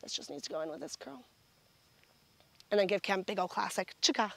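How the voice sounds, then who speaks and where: A woman's voice: mid-range voice, animated, a little fast, gravelly, pushed and bright. A woman directing a photo shoot, bubbly and gushing with enthusiastic praise as she calls out poses. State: sucking on a throat lozenge.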